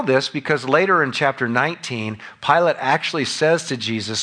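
A man's voice: medium pitch, moderate pace, few pauses, pushed and bright. A man preaching a sermon, reading scripture aloud and explaining it verse by verse, at times acting out the scene. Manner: expository, reads scripture aloud and acts out scenes. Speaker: pastor.

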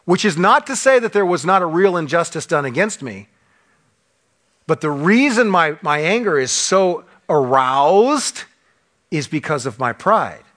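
A man preaching a sermon to a church congregation, impassioned, asking rhetorical questions and swinging between loud emphasis and hushed drops. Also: on the high side, very animated, unhurried. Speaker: pastor.

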